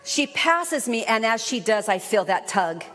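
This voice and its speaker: A woman with a high voice preaches a sermon at an unhurried pace, earnest and storytelling. Her words ring out with a long hall reverb in a church sanctuary, and at times she rises into shouted praise. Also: very animated.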